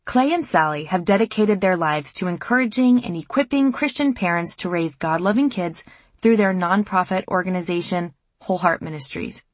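A woman reads her audiobook with a slightly husky, breathy tone in a measured, reflective way. The recording is close and dry, with no room sound around the voice. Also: mid-range voice, dry recording. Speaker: audiobook narrator and mother. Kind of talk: scripted audiobook narration.

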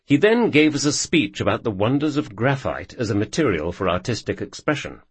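A man narrating a nonfiction audiobook in a measured, wry storytelling manner. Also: medium pitch, big pitch swings, husky, no room sound.

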